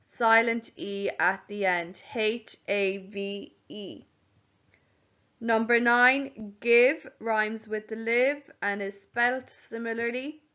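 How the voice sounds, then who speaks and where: A woman's voice: fairly high pitch, fairly even intonation, sharp tone, smooth. A woman teacher giving a home learning spelling lesson to young children, spelling each word out letter by letter. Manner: slow, spells words out letter by letter. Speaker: primary school teacher. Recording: dull lo-fi home recording.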